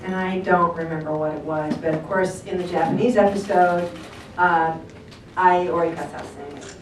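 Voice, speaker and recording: A voice actress on a convention panel, telling a story to an audience with frequent laughter. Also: female voice, on the low side, steady tone, moderate pace. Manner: chatty storyteller, laughs often. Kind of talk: anecdote told to an audience. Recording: echoey hall, distant mic, background noise.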